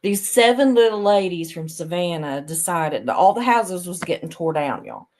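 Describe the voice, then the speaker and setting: A rambling, chatty woman with a drawl talks straight to her livestream viewers in a lower voice. She reads the chat aloud and laughs often, as if catching up with friends over coffee. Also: expressive, moderate pace, a little mellow, a little hiss or hum. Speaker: live stream host.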